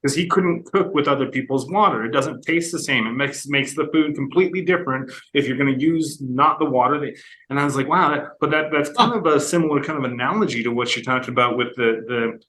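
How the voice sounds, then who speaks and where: An American man talking as a guest in a casual talk, halting and repeating words as he gathers his thoughts. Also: mid-range voice, bright, forceful tone, a little hiss or hum, low-quality recording. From United States. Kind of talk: casual conversation.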